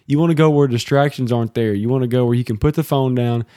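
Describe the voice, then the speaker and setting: A man co-hosts a home-recorded devotional podcast, preaching earnestly in a mellow, dark, mid-range voice at a quick pace. He sits close to the mic in a dry home office with no room sound. Between exhortations he lightly teases his co-host in casual devotional podcast talk.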